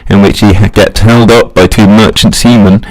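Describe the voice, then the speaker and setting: A man's voice: fairly low pitch, steady tone, moderate pace. A young man rambling through a casual solo monologue, self-mocking and chuckling at his own jokes.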